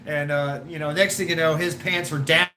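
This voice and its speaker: A man's voice: a little high, steady tone, normal speed, sharp tone, a little hiss or hum. A man hosting a live stream, telling a story in a rambling way with swearing, laughs and many restarts.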